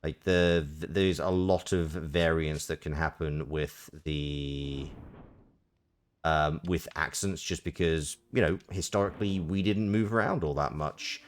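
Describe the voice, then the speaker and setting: A man's voice: rumbling low, fairly even intonation, measured pace. A man streaming a game, rambling in a self-mocking way as he comments on it.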